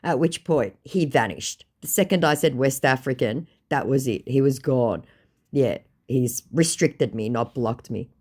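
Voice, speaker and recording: A woman's voice: extremely low pitch, unhurried, a little mellow, husky. An Australian woman casually recounting chats in a blunt, sarcastic manner. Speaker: scam-baiting vlogger.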